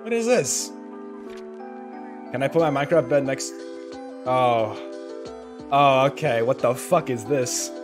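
Young male streamer, hoarse and tired, excitable swearing reactions, lively swooping voice, faint game music behind. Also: mid-range voice, slow, pauses often. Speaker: gaming streamer. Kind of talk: excited gaming commentary.

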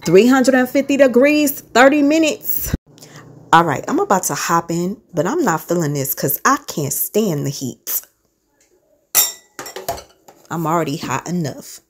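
A woman's voice: lowish voice, lively intonation, measured pace, pauses often, slight background noise. A woman voicing a grumpy female wine glass who complains about going into a hot oven. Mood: grumbling. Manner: complaining, grumbling.

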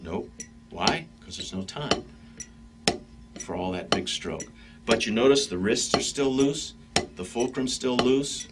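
A man teaching drum stick technique in a relaxed, conversational way, talking straight to his students between demonstrations. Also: mid-range voice, unhurried, pauses often. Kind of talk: instructional demonstration. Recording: practice pad clicks and noise behind.

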